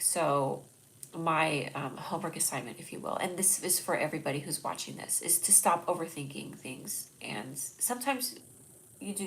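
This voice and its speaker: A woman's voice: deep voice, slight background noise, rough recording. A young adult woman with a stuffy nose, hosting a casual live stream, rambling and self-deprecating as she reads viewers' jokes aloud. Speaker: host. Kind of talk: casual livestream chat.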